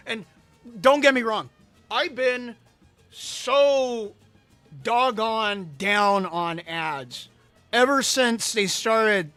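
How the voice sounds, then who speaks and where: A hoarse man losing his voice, ranting in casual let's-play commentary and reading chat aloud. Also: extremely high pitch, sharp tone, no room sound. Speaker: gaming streamer.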